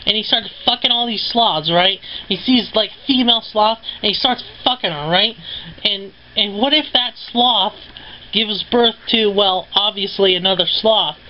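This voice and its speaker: A man rambles through a casual vlog monologue, swearing often and padding his talk with fillers. He speaks slowly and drifts between thoughts. The recording is dull and lo-fi with a faint hiss. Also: sits high. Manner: rambling, profane, giggly, full of fillers. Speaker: vlogger.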